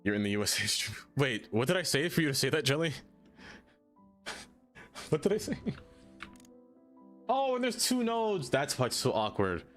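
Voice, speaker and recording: A man's voice: medium pitch, very animated, fast, few pauses, fairly bright tone, faint music behind. A man streaming a city-building game, chatting casually with viewers in a playful, teasing way. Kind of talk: casual live-stream chat.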